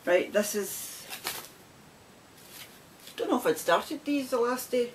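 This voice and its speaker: A woman's voice: a little high, expressive, slow, long pauses, a little hiss or hum, rough recording. A middle-aged Scottish woman chatting casually to camera for her knitting video podcast, rambling and laughing as she goes.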